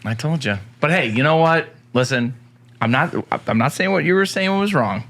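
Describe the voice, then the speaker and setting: Bright-voiced upbeat male show host. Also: fairly high pitch, lively intonation, moderate pace. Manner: jokey, upbeat, teasing. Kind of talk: casual morning show banter.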